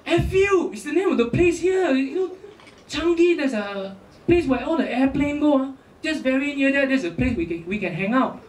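A blunt, chatty Singaporean local, played by a man, talks in a Singlish accent with choppy, matter-of-fact phrasing. His voice sits fairly high, and the room makes it sound echoey and distant. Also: lively intonation, moderate pace, a little hiss or hum. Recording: roomy, distant, faint ambience.

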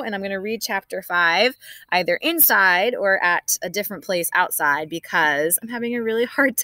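A woman's voice: mid-range voice, sharp tone, no room sound. A woman reading a children's book aloud outdoors, adding chatty asides with small laughs. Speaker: storybook reader. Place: outdoors in bright sun.

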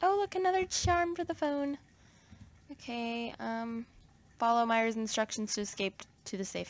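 A woman's voice: on the high side, normal speed, slight background noise. Chatty self-mocking woman gamer. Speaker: let's play gamer. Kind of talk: casual game commentary.

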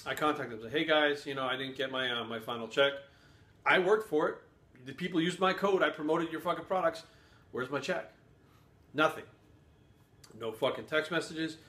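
A man with a slightly high voice vents to camera as a fitness vlogger, blunt and heated, cursing through every sentence. His voice bounces around an echoey room. He sounds fed up and aggrieved. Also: fairly bright tone. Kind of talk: angry ranting storytelling.

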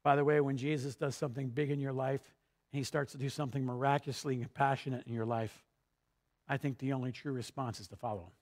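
A man's voice: medium pitch, steady tone, quick pace, darkish tone. A male pastor preaching a sermon, retelling a story and building to emphatic peaks.

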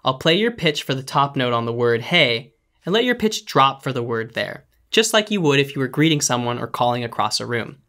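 A vocal coach giving calm, clear, step-by-step instructions in a scripted singing lesson. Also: medium pitch, fairly quick.

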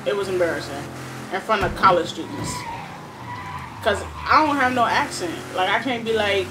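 A woman's voice: medium pitch, moderate pace, noisy background. Give me a chatty young woman with a Cleveland accent talking over a video game. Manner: chatty and rambling, talking straight to viewers. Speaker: gaming YouTuber. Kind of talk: casual gameplay commentary. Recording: voice over loud game sounds.

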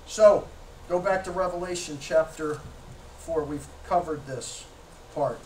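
A man preaching a sermon as pastor, emphatic, firing rhetorical questions at the congregation and shouting at times. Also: on the high side, measured pace, a little hiss or hum. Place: church sanctuary. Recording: echoey church from a distance.

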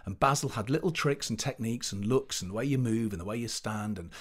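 A man, a pantomime performer chatting as an interview guest, telling animated anecdotes and restarting as he searches for words. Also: lowish voice, quick pace, husky. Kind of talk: casual interview chat.

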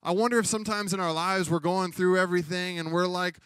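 Speaking fast with fairly even intonation, a man with a high-pitched, clean, slightly bright voice preaches in church, casually acting out humorous exchanges. Clean studio sound with no room echo.

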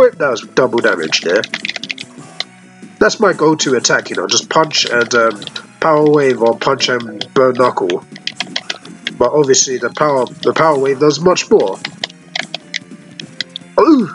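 A man hosting a let's play, excitedly commenting on a fighting game and calling out special moves as he plays. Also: mid-range voice, low-quality recording. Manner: thanks himself with repeated thank-yous after wins. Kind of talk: gameplay commentary.

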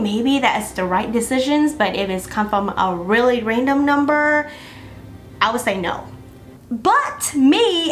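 A young woman beauty vlogger telling a personal story to her viewers in a chatty, animated way. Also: fairly high pitch. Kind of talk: casual storytelling to camera.

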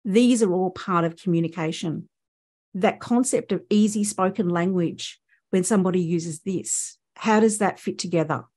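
A woman's voice: on the low side, moderate pace, a little mellow. A woman with an Australian accent, a speech pathologist giving a conference presentation and explaining points with rhetorical questions to the audience.

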